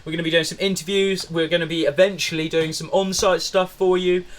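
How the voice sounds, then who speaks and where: A man's voice: fairly high pitch, level tone, a little fast. A man co-hosting a podcast in casual chat, rambling and jokey with lots of fillers. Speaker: podcast co-host.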